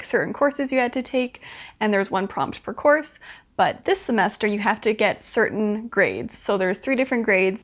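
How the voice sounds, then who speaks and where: A young woman talking casually to camera as a book vlogger, chatty and upbeat, with lots of fillers. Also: medium pitch.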